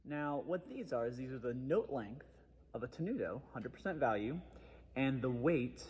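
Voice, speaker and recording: A man's voice: medium pitch, animated, moderate pace, darkish tone, breathy edge, long reverb tail. A man giving a methodical trombone lesson, explaining articulation step by step. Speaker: trombone teacher. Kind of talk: instructional music lesson.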